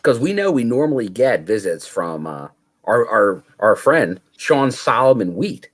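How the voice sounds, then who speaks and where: A man's voice: medium pitch, very animated, measured pace, slightly rough. A man co-hosting a casual podcast review, chatty and acting out quoted lines. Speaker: podcast co-host. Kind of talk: casual chat.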